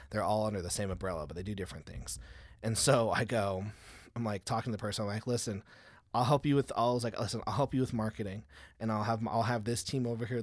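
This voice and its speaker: A man's voice: fairly low pitch, dry recording, clean studio sound. A young man telling business stories in casual chat, rambling with many restarts and acting out the people he quotes. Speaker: co-host. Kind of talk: casual storytelling on a live show.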